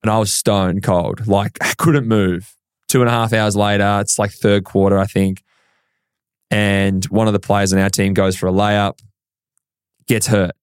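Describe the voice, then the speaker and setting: This Australian man, a professional basketball player being interviewed, narrates his story and acts out the dialogue with animation. His lowish, clean voice keeps a measured pace, captured in clean studio sound without echo.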